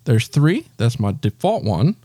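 A man's voice: mid-range voice, big pitch swings, measured pace, mellow, slightly rough, dry recording. A man hosting a step-by-step tutorial, patiently talking the listener through each gesture. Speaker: tech tutorial host.

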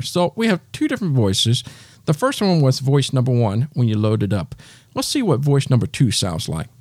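A man's voice: medium pitch, darkish tone, dry recording, clean studio sound. A man hosting a step-by-step tutorial, patiently talking the listener through each gesture. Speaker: tech tutorial host.

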